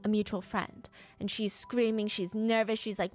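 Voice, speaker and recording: A woman's voice: normal speed, hardly any pauses, faint music behind. A woman narrating a true crime case, acting out the quoted lines with a lifted voice. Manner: acts out quoted lines with rising pitch.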